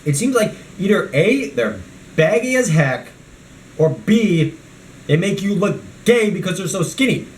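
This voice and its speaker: A man talks his way through a toy review vlog, rambling and ranting about whatever comes to mind. His voice sits a bit high and swings widely, with a faint hiss of noise behind it. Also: sing-song, unhurried, roomy sound. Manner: rambling and ranting, jumping between topics. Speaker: vlogger.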